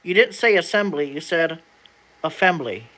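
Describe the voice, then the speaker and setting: Young adult streamer with a bright, ringing tone and mid-range pitch, chatting casually and stumbling as they sound out words. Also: lively intonation, moderate pace, poor audio. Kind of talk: casual livestream chat while reading an old document aloud.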